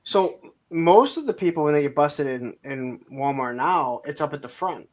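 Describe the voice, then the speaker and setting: A man's voice: fairly high pitch, expressive, moderate pace. A man co-hosting a casual live stream, telling long rambling anecdotes, acting out other people's lines and laughing often. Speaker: co-host of a toy live stream. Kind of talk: casual storytelling chat. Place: home setup on a live stream. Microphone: streaming mic.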